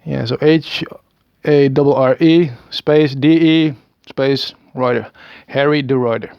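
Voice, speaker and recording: The voice is mid-range, steady, creaky yet clear and resonant, and unhurried. It belongs to a Dutch video maker in his thirties from the Netherlands who speaks with a Dutch accent in a hesitant, rambling self-recorded monologue with stammered restarts and small chuckles. The sound is lo-fi with no echo.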